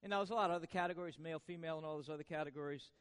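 A man with a high, ringing voice preaches a sermon, dropping to near-quiet and then climbing to loud peaks. He keeps throwing questions back at the congregation. The sound carries the long tail of a big reverberant hall. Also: rapid-fire, smooth. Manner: swings from hushed to loud, asks the congregation rhetorical questions. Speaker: pastor.

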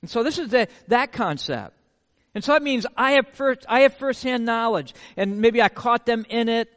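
A male pastor preaching a sermon, telling stories with lively rhetorical questions to his listeners. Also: very high voice, normal speed, long reverb tail. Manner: animated storytelling with rhetorical questions.

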